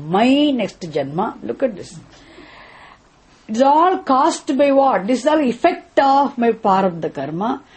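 A woman with a mid-range, slightly mellow, husky voice gives a philosophy lecture as a spiritual teacher. She often pauses to quiz listeners with rhetorical questions and repeats key terms for emphasis.

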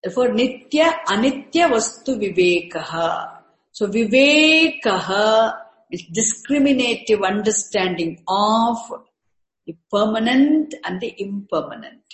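Slow, deliberate woman teaching in an echoey room. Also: medium pitch, animated. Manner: repeats terms slowly, breaks Sanskrit words into parts. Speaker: teacher of Sanskrit scripture. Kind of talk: slow, repetitive spiritual lecture.

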